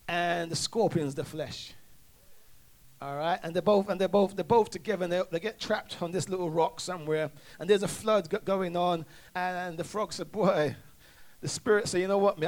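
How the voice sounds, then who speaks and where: A male preacher delivering a sermon, calling for responses and often restarting his sentences. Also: sits high. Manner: call-and-response, stammering restarts.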